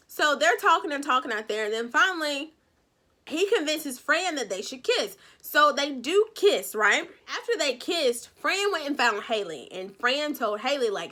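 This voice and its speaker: A woman vlogger giving a casual, animated and blunt recap of a reality show, with some swearing. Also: high-pitched, normal speed.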